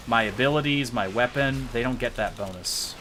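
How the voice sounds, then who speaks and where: A man's voice: medium pitch, normal speed, background noise. Brief: a chatty male streamer walking viewers through his build, casual and explanatory. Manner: chatty, explains game builds while playing. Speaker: game streamer. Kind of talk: casual live-stream commentary.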